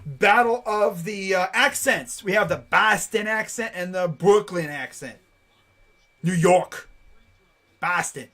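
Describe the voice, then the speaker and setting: A man with a high voice commentates a basketball game live for his stream. His excited quick calls alternate with loose, joking tangents. The delivery is casual and unscripted. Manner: jokey, rambling asides between excited calls. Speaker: live reaction play-by-play streamer.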